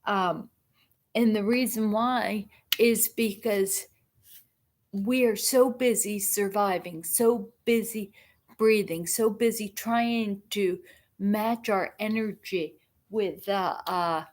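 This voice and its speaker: Woman host, unhurried and rambling, easy casual talk with many restarts. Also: medium pitch, a little mellow. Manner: rambling, repeats and restarts words, laughs often. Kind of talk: casual live-stream talk.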